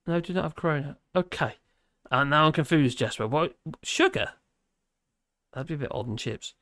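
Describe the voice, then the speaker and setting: A man's voice: on the high side, fast, a bit bright, no echo, clean studio sound. A man hosting a casual livestream, reading viewer comments aloud and rambling with many fillers and restarts. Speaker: livestream host.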